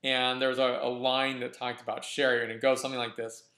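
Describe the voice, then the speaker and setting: A man hosting a casual wine review vlog, talking in a relaxed, enthusiastic way with frequent restarts. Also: medium pitch, brisk. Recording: roomy echo.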